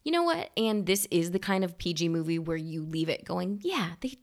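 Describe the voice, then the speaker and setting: A woman co-hosting a podcast in casual chat, playful and quick with quips. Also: on the low side, sing-song. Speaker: podcast co-host.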